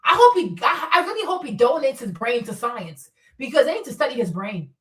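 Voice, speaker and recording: High-voiced woman ranting in an echoey room. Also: a little fast, recorded from a distance. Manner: animated, profane, swings between loud outbursts and mutters. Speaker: livestream host. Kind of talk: casual unscripted commentary. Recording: roomy echo, voice a bit off-mic.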